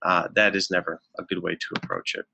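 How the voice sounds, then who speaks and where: A man presenting a marriage webinar as a counselor, earnest and instructive, often pausing with fillers. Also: low voice, very animated, creaky, sharp tone, a little hiss or hum. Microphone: webinar microphone.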